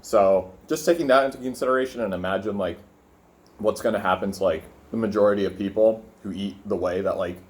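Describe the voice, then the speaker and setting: A young vlogger with a low voice rambles fairly quickly while eating in his room. It's a casual food vlog that turns into a rant, full of profanity and filler words.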